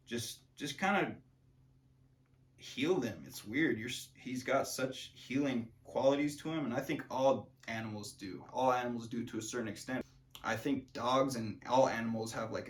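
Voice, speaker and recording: A man talking casually to camera in a rambling vlog monologue, full of fillers and restarts. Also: medium pitch. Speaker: vlogger.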